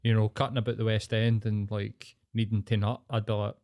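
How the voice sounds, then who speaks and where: A man's voice: lowish voice, flat delivery, brisk, darkish tone. A man, co-hosting a podcast in sweary, laughing banter. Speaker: podcast co-host. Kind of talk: casual podcast chat.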